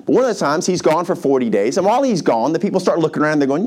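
A pastor preaching a sermon to his congregation, who tells the story in a lively, casual way and acts out the characters' voices. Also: fairly high pitch, racing, hardly any pauses. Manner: animated, colloquial storytelling with acted-out voices.

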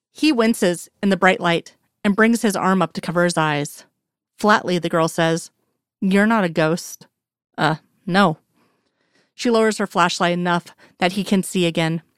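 A woman reading a story aloud in an even, measured narration. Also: fairly low pitch, no echo, studio quality. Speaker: reader. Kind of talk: storytelling narration of fan fiction.

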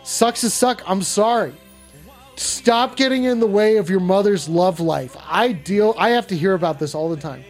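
A man's voice: high-pitched, moderate pace, soft background music, natural voice. A man playing a crude, stoned, foul-mouthed Santa Claus who rambles and swears as an improv host. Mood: exasperated. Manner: profane, rambling, defensive. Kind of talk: comedic improv livestream.

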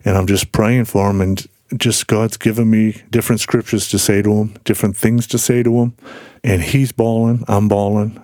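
A man with a low, warm voice tells stories in an easy conversational way. He brings the people in his stories to life by acting out their voices. The sound is close and dry, with no room echo. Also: moderate pace. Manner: animated storyteller, acts out quoted voices. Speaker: podcast guest. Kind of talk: casual storytelling conversation.

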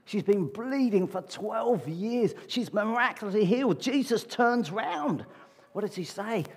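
Husky male preacher in a reverberant hall. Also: high-pitched, lively intonation, a little slow. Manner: conversational, asks the congregation rhetorical questions. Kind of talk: sermon. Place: church meeting hall. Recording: long reverb of a large hall.

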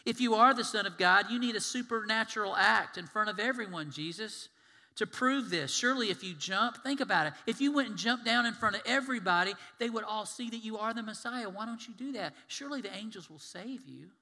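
A man's voice: high-pitched, brisk, sharp tone, pitched above the performer's own voice, heavily acted. A man voicing a scheming male devil who coaxes and goads Jesus to prove himself. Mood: coaxing. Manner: coaxing, goading. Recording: long hall reverb.

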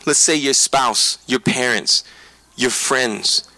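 Male pastor, conversational sermon: earnest, emphatic, bright and dry. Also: medium pitch, no room sound, rough recording. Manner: earnest, emphatic, addresses listeners directly; quick preaching with frequent restarts.

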